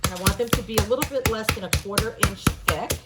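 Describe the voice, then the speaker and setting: A woman's voice: mid-range voice, fast, loud music behind the voice. A woman chef giving a chatty, upbeat home cooking demonstration in her kitchen. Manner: chatty and upbeat, laughs at herself. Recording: loud background noise.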